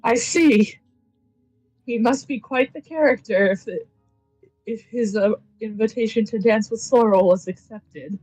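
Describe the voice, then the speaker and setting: A woman's voice: fairly high pitch, a little slow, a little mellow, breathy edge, dry recording, poor audio. Woman, tabletop role-play, genteel polite manner, casual narration with fillers, dry close sound, faint music. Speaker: tabletop role-playing player.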